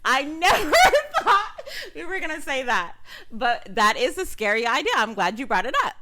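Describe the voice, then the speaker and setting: A woman's voice: high-pitched, moderate pace. A woman in her thirties co-hosting a podcast, telling stories in casual chat with lots of profanity. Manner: profane, animated storytelling. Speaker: podcast co-host.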